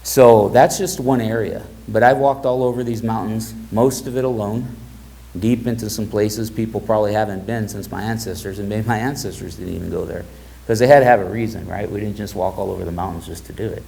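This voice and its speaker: A middle-aged man speaking as a guest to a live audience, telling stories in a relaxed way and acting out the quoted dialogue. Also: fairly low pitch, brisk, gravelly, poor audio. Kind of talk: storytelling talk to an audience.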